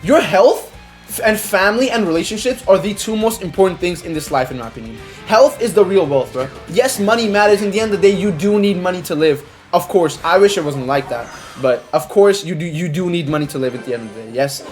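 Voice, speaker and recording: A teenage man talks fast and a little high, rambling in slang while he plays, often breaking into loud excited outbursts. Faint music runs underneath his voice. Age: teens. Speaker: gaming creator. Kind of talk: casual chat over gameplay.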